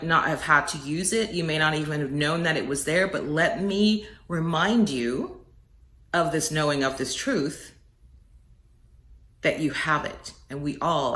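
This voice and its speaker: Low-voiced earnest woman, motivational message. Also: fairly bright tone, reverberant. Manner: earnest, preacherly, swells on key words. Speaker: inspirational speaker.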